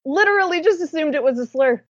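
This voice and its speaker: A woman's voice: high-pitched, lively intonation, fast talker, no room sound. A woman podcast co-host in casual chat, wry and thoughtful. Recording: dull dry lo-fi sound.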